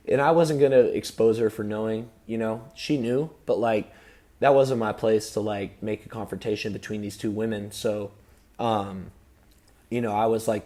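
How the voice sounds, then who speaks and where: A man's voice: mid-range voice, steady tone, normal speed, dark tone. A man telling a personal story to camera in a rambling, candid way, filling gaps with "you know" and "um" and swearing casually. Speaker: vlogger.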